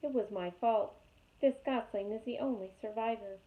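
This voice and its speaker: A woman voicing a calm, polite female robot who speaks in stiff, careful sentences in a storybook reading. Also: a little high, normal speed, lightly acted. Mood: formal. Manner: plain, careful, formal wording. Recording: tinny phone-like sound.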